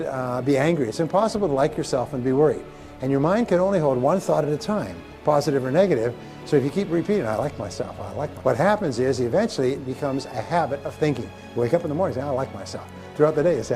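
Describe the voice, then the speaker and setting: A man's voice: medium pitch, dark tone. A man giving a motivational seminar talk to a live audience, emphatic and repetitive, leading them in call-and-response. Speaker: motivational speaker.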